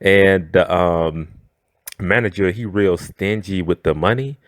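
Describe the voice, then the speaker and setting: A man's voice: low voice, a little slow, dry recording, clean studio sound. A man telling a workplace story in a slangy, chatty way, often checking in with the listener. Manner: slangy and chatty, often asking "know what I'm saying". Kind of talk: casual storytime.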